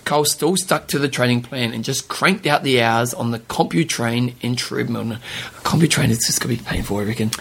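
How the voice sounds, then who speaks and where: Casual co-host: man, husky gravelly voice, laughs a lot, reads notes aloud. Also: medium pitch, a little fast, a bit bright. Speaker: podcast co-host. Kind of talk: casual chat.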